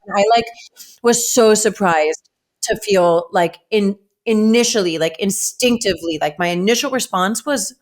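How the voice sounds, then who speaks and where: A woman's voice: medium pitch, normal speed. A woman hosting a podcast, talking casually and emphatically with lots of "like". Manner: chatty, emphatic, heavy use of "like". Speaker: podcast host. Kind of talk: casual podcast chat and ad read.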